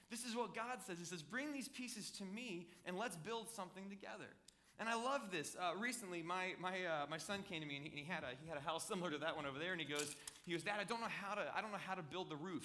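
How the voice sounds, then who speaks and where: Pastor, man, thirties, bright and slightly high voice, chatty joking sermon delivery. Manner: conversational, joking, animated with props.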